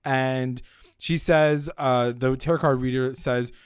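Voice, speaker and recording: A man casually recapping a show episode and swearing freely, jumping into loud voices when he quotes the characters. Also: mid-range voice, slow pace, clear, resonant tone, no echo, studio quality. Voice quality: animated, swears freely, acts out lines when retelling. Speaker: podcast co-host recapping a show. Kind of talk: casual chat.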